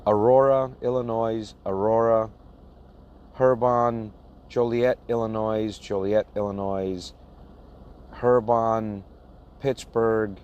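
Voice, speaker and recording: A fairly low, darkish man's voice with little pitch movement, clear and resonant, though the audio is dull. He's a box truck owner-operator vlogger casually reading a list of places to viewers, speaking slowly and plainly and laughing at his own mispronunciations.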